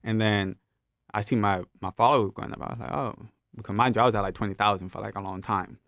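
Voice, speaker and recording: A man's voice: lowish voice, steady tone, fast, vocal fry, a bit bright, dry recording, clean studio sound. A young man telling stories in a casual podcast interview, laid-back, laughing often and acting out what others said. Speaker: podcast guest. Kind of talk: casual storytelling.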